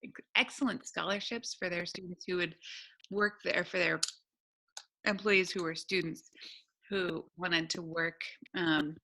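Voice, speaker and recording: A woman's voice: fairly low pitch, steady tone, measured pace, sharp tone. A woman in her thirties from upstate New York, co-hosting a casual podcast chat, laughing often and rambling cheerfully. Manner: laughs often, chatty and self-deprecating. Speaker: podcast co-host.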